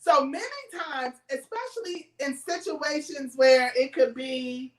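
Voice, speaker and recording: A woman's voice: high voice, a little slow, roomy sound, far from the mic, low-quality recording. A woman talking in a casual chat, emphatic and full of stories, laughing as she goes.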